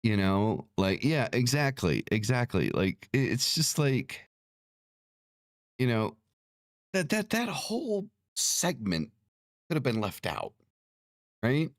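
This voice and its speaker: A man's voice: mid-range voice, big pitch swings, slow pace, pauses often, dry recording, studio quality. A man hosting an occult livestream, ranting in a casual, profane, irritated way, with many restarts.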